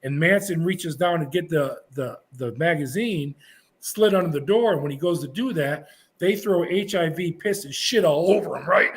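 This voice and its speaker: A man's voice: on the high side, normal speed. A middle-aged man, a former prison officer, telling vivid, blunt stories as a podcast guest. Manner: vivid, blunt anecdotes with frequent restarts. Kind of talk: animated storytelling.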